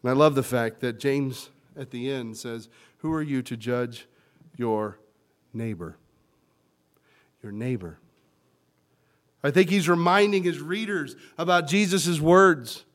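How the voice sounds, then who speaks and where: This male pastor's sermon swings between loud, emphatic lines and quiet ones as he explains word meanings and quotes scripture. His medium-pitched voice moves slowly, with long pauses.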